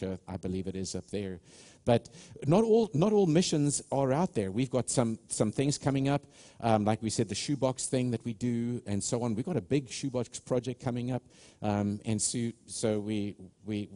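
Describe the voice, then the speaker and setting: A fairly low, mellow male voice belongs to a pastor from South Africa preaching live in a church sanctuary. He is earnest, pauses and restarts often, and calls out to the people gathered.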